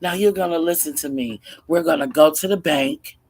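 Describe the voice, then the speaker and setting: A man doing a gravelly kidnapper boss. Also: mid-range voice, very slow. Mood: irate. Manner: commanding, forceful. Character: ruthless male kidnapper boss giving orders.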